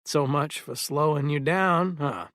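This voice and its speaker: A man voicing a shaken young man, speaking flatly and distractedly. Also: fairly high pitch, a little slow, no echo, studio quality. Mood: dazed. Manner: flat, distracted.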